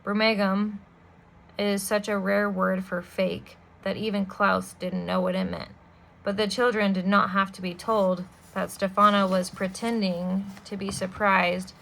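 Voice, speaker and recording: A woman reading a children's novel aloud as a storyteller, steady and expressive, with small asides to the listener. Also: medium pitch, unhurried, vocal fry, a little hiss or hum, rough recording.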